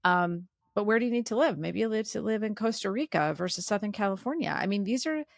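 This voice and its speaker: A middle-aged woman chatting as a podcast guest, animated and acting out her own inner voice. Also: mid-range voice, quick pace, vocal fry, no echo, studio quality. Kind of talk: casual interview chat.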